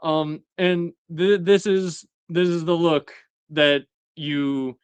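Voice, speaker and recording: A young man chatting casually on a live stream, his voice smooth and clear and a little high for a man. The sound is dry and close, with no room heard, and he keeps laughing and putting on quick voices for characters. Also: no echo. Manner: animated, laughing, acts out characters' lines. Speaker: host.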